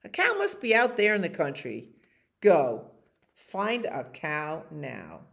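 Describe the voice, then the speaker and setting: A woman's voice: low voice, huge pitch swings, takes it slowly, gravelly, exaggerated voice. A woman voicing a cranky pet bird that scolds in a screechy, bossy way during a storybook reading.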